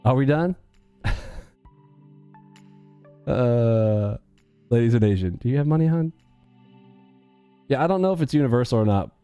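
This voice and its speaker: Joking live-stream host, male, mellow dark voice, faint music behind. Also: mid-range voice, smooth. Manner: joking, animated, acts out quick bits of dialogue. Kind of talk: casual live-stream chat.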